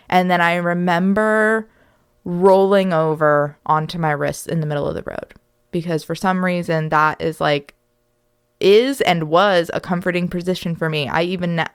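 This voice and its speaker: A young woman tells a personal story on her podcast, candid and reflective, acting out moments as she goes. Her voice is smooth and clear, and she takes her time. The recording is dry and close. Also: lowish voice, dry recording. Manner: candid, reflective, animated retelling. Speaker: podcast host.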